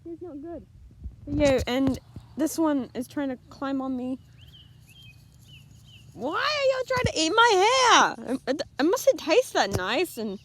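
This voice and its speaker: A young woman from New Zealand films a casual farm vlog on a handheld camera out in a paddock among sheep, chatting and giggling at the lambs. Her high-pitched voice is a little mellow, with slight background noise and sheep and lambs bleating in the outdoor camera audio.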